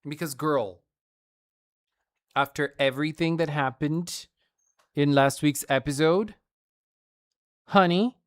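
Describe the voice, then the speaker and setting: Low-voiced woman streamer, slow and expressive. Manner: gushing, playful, with frequent laughs. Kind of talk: casual fan-art showcase stream.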